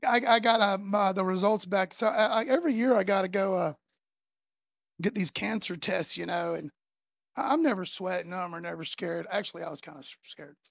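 A woman preacher giving a sermon in a chatty, animated way, acting out the voices she quotes. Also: medium pitch, brisk, vocal fry, no room sound.

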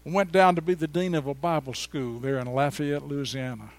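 A man, preaching a sermon in a church and telling personal stories in a folksy, chatty way, swinging from loud exclamations to quiet asides. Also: fairly high pitch, fairly even intonation, brisk. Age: 70s. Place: church before a congregation.

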